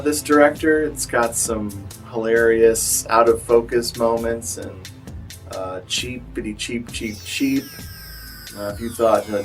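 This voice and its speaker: Low-voiced man, tired rambling movie vlogger with a wry sense of humor, a bit off-mic, faint guitar behind. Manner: rambling, wry, self-deprecating. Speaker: movie reviewer. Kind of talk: casual vlog review. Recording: voice a little far from the mic.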